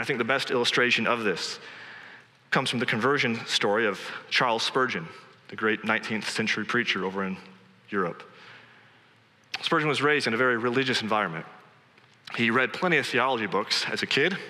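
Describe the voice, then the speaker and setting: Bright-voiced male preacher in a reverberant hall. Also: medium pitch, fairly quick. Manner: emphatic, repetitive exhortation. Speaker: pastor. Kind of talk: sermon. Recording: long reverb of a large hall.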